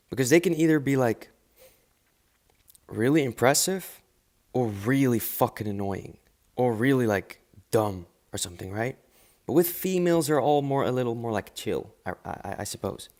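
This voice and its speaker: Guy streaming, cursing nonstop, dismissive rambly rant, mid pitch, earphone mic. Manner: profane, dismissive, rambling with restarts. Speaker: live streamer. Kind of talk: casual rant on a live stream.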